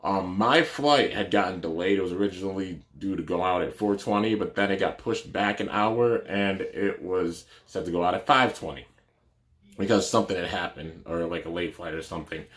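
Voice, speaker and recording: A man's voice: sits low, normal speed, fairly bright tone. A man, a YouTuber, casually telling a story in a rambling way, with many fillers and restarts.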